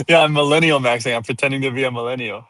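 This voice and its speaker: A man's voice: mid-range voice, a bit bright. A young man streaming live, rambling casually and laughing at his own jokes. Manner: rambling and self-amused, laughing often. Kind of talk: casual livestream chat.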